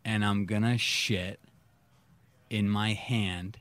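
A man on a podcast telling a personal story in casual chat, acting out his own past reactions with sudden jumps in pitch. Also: fairly even intonation, takes it slowly, a bit bright, no echo. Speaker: podcast guest.

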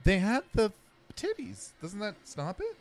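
Wry rambling man with a lively voice. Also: high voice, measured pace. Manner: rambling, stammering restarts, wry. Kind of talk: casual movie watch-along chat.

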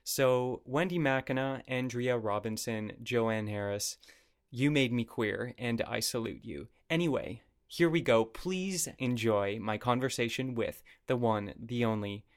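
A man's voice: mid-range voice, a little slow. A man hosting a podcast from his home basement, speaking in a playful way with wry asides during his intro and chat. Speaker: podcast host. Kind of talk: intro monologue and casual interview chat.

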